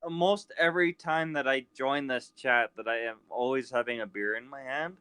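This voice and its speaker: A man's voice: medium pitch, normal speed, sharp tone, clean tone, dry recording. A man rambling loosely in a casual voice chat, drinking beer as he talks. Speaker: chat participant.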